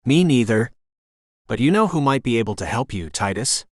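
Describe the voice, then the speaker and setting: A man doing a brisk woman in her sixties with a faint Jamaican accent. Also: mid-range voice, big pitch swings, no echo, clean studio sound. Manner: brisk, rapid-fire and chatty. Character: energetic woman in her sixties, bed-and-breakfast owner.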